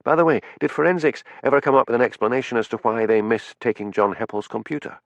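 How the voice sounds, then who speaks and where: A man playing a calm Highland village policeman. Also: quick pace, vocal fry, no echo, lightly acted. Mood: inquiring.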